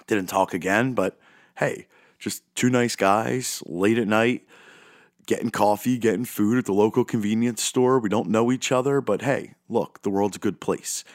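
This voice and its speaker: A man's voice: on the low side, moderate pace, dry recording, studio quality. A man hosting a podcast, talking in a rambling, self-deprecating, goofy way. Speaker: podcast host. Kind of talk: casual monologue.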